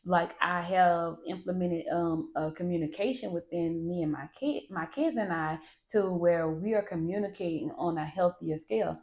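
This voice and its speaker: A woman hosting a podcast, talking candidly and bluntly about parenting, swearing freely in a lively, animated way. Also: on the low side, moderate pace, hardly any pauses. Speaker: podcast host. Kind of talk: candid monologue.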